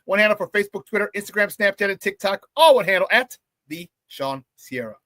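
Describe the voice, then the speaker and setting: A man hosting a morning sports talk show, hyping up viewers in a playful, lively way and often breaking into laughter. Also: sits high, brisk, dry recording. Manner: hype, playful, talks to the chat and laughs often. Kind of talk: upbeat morning show chat.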